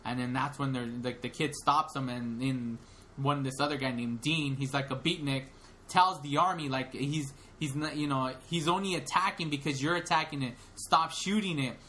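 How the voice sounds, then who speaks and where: A man hosting a podcast, retelling a story in an excited, rambling way with many fillers. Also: medium pitch, moderate pace, slight background noise. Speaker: podcast host. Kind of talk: casual chat.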